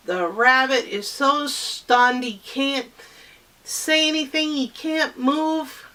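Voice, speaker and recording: A woman improvising a children's story, rambling and halting with many fillers and restarts. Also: a little high, sharp tone, recorded from a distance.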